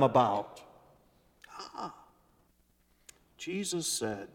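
Expressive male pastor in a reverberant church. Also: a little high, slow pace. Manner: expressive, swinging from loud emphasis to soft hushed phrases. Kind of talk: sermon. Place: church sanctuary.

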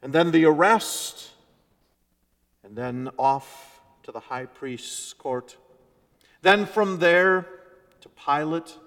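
A male pastor preaching a sermon in a church, moving from loud, emphatic lines to soft, hushed phrases. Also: fairly high pitch, slow pace, long pauses. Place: church sanctuary. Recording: long church reverb.

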